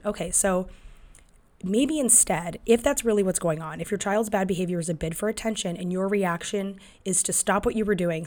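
A woman's voice: mid-range voice, a little mellow. A woman in her thirties talking casually about parenting as a podcast host, full of fillers and restarts. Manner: conversational, many fillers and restarts, acts out quotes. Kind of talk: casual advice monologue.

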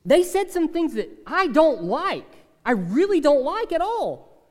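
A man's voice: extremely high pitch, sing-song, unhurried, a little mellow, long reverb tail, pitched above the performer's own voice, exaggerated voice. A man voicing a grumbling churchgoer who pleads and protests in an exasperated way. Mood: indignant. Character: whiny complaining churchgoer, adult man.

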